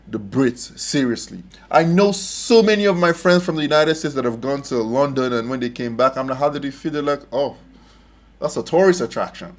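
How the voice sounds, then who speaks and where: A young man hosting a casual reaction video, telling stories emphatically and laughing often. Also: fairly high pitch.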